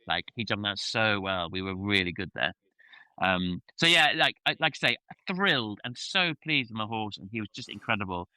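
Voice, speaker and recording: A man's voice: fairly low pitch, pushed and bright, clear, resonant tone, no room sound, rough recording. A man, co-hosting a podcast as an event rider and talking candidly and self-critically in casual chat, with many fillers and the odd swear word.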